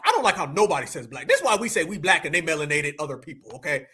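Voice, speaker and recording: Animated high-pitched male commentator. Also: fast, hardly any pauses, slightly rough. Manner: animated, slangy, addresses viewers as family. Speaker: commentary channel host. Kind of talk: reaction commentary.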